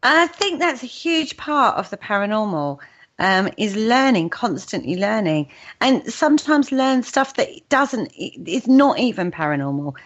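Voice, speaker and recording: A woman's voice: mid-range voice, big pitch swings, unhurried. A woman with a British accent hosting a casual radio chat show, chatty and enthusiastic. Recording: dull lo-fi radio audio.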